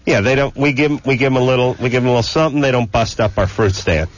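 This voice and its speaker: A man's voice: mid-range voice, racing. A man hosting a radio talk show, joking and bantering casually with guests and callers. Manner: joking, wisecracking. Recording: dull lo-fi radio broadcast.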